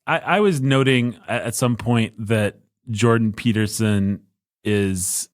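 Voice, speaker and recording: A low-voiced man talks through a relaxed podcast conversation, wandering through his points with jokes and restarts. The sound is close and dry, with no room sound. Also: slow, no room sound. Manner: rambling, self-interrupting, jokey. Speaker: podcast co-host. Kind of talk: casual podcast chat.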